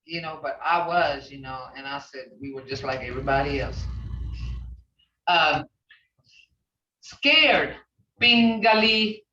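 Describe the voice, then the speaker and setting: A woman's voice: low-pitched, expressive, slow, long pauses, sharp tone. Older woman teaching, distant echoey sound. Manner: storytelling with many "you know" fillers. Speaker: language teacher. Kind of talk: teaching a language class. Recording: echoey, distant, dull recording.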